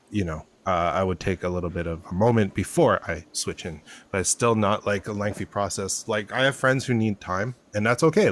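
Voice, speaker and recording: A man in his thirties with a fairly low voice, talking fast and with excitable energy. He chats casually as a podcast co-host, heard over a video call from home.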